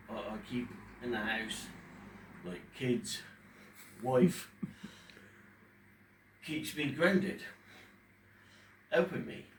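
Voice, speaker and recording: Man, fifties, slow and halting, emotional, echoey room, distant mic, faint hum. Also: mid-range voice. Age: 50s. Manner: halting, emotional, pausing often. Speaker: vlogger talking about his depression. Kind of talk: unscripted personal talk to camera. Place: room at home in front of a fish tank.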